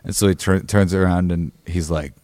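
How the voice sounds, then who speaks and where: Low-voiced man telling a rambling story. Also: fairly even intonation, moderate pace, darkish tone, dry recording, studio quality. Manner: rambling, many restarts and fillers. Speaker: guest musician. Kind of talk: casual storytelling interview.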